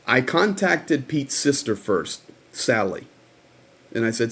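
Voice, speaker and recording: Slow, earnest male storyteller. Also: mid-range voice, sing-song, fairly bright tone, husky. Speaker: host. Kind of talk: livestream update.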